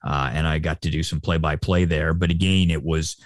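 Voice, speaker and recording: Very deep and fairly even in intonation, this middle-aged Canadian man talks fairly quickly. He's a sportscaster guest in a casual interview chat, rambling with many fillers and restarts, recorded in studio quality with no room sound.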